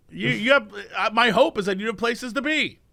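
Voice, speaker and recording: A man co-hosting a podcast, ranting and telling stories in an animated casual chat. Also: very high voice, gravelly, no echo. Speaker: podcast co-host.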